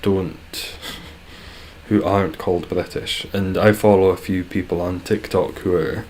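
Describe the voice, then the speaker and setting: A man's voice: low voice, steady tone, a little slow, a little mellow, a little hiss or hum. A young Scottish man streaming, chatting casually with viewers in a dry, joking way, swearing freely. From Scotland.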